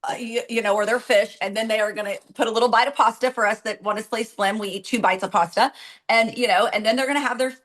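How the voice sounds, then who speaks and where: A woman's voice: fairly high pitch, fairly even intonation, fast talker, a bit bright. A woman co-hosting a casual recap chat, talking chattily and laughing often as she rambles. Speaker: podcast co-host.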